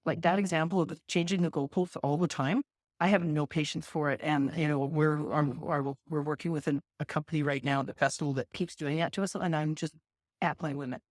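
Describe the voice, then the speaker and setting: A woman's voice: low voice, fairly even intonation, a little fast, no echo, clean studio sound. A woman who runs a festival, speaking frankly on a live conference panel. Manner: frank, plain-spoken, with restarts. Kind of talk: casual panel discussion.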